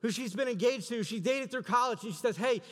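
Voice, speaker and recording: A man's voice: fast talker, a bit bright. A man preaching a sermon as a story, acting out the quoted lines with a lifted voice and more volume. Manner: acts out quoted dialogue, rising in pitch and volume. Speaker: pastor. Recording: reverberant hall.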